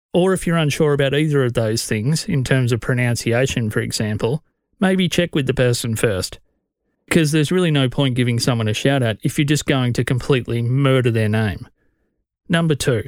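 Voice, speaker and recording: An Australian man hosting his own podcast, talking bluntly and casually. His voice sits at a middle pitch. It is recorded dry and close to the mic, with no room sound. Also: dry recording. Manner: blunt, conversational, opinionated. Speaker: podcast host. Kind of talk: solo podcast advice.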